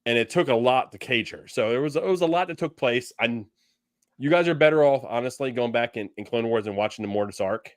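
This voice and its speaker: A man's voice: mid-range voice, brisk, dry recording. Guy on a podcast rambling on, lots of restarts, super dry sound. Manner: rambling, many restarts and fillers. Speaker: podcast co-host. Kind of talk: casual fan discussion.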